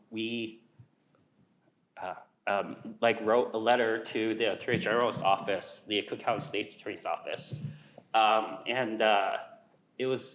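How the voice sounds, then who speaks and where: Panelist, man, fairly low voice, halting and earnest, filler-heavy. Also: fairly bright tone, low-quality recording. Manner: hesitant, many fillers, earnest. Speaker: alumni panelist, nonprofit fundraiser. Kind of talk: personal panel talk.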